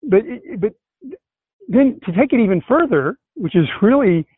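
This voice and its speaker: High-voiced man, enthusiastic host. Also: normal speed, breathy edge, no room sound. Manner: enthusiastic, animated storytelling. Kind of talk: casual conversation. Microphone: video call. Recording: tinny call audio, dry.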